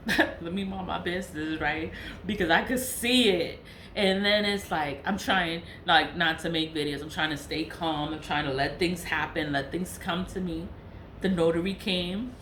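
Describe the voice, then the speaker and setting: A woman talking straight to camera, venting hard and circling back over the same words with plenty of swearing. Her voice sits on the low side. The room echoes around her, and a faint ambience hums underneath. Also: measured pace, a bit bright, slight background noise. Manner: venting, profane, repeats herself. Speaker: vlogger. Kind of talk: angry monologue to camera.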